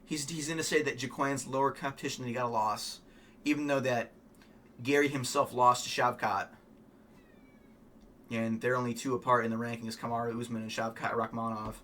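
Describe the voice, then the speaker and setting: A man giving casual, rambling, opinionated fight commentary, swearing often and filling pauses with ums. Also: mid-range voice, flat delivery, a bit bright, slight background noise. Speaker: MMA fan vlogger.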